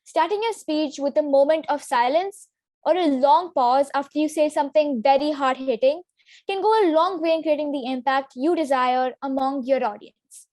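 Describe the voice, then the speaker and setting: A young woman presenting a public speaking lesson in a clear, instructive way. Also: high-pitched, moderate pace, darkish tone, dry recording, studio quality. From Singapore. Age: teenager. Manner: clear, instructive delivery with demonstration sentences. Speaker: student workshop presenter.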